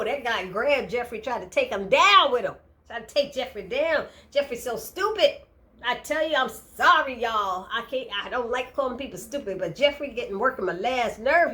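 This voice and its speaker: A woman recapping a TV episode in casual chat, animated and retelling the dialogue. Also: fairly high pitch.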